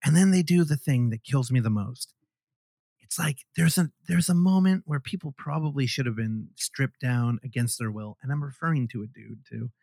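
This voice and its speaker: A man co-hosting a podcast, chatting casually about horror films, animated and swearing freely. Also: medium pitch, normal speed, vocal fry, no room sound, clean studio sound. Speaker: podcast co-host.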